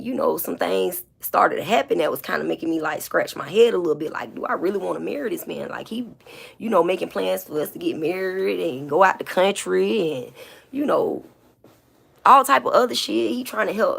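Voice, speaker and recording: Gravelly low-voiced woman, confessional and blunt. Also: a bit bright. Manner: candid, blunt and profane, with many repeats and fillers; emotional, holding back tears. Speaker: vlogger. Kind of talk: confessional monologue to camera.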